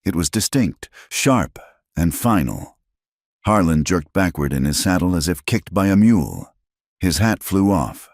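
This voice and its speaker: Very deep-voiced male story narrator. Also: measured pace, no echo, studio quality. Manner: steady, dramatic storytelling. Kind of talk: scripted narration.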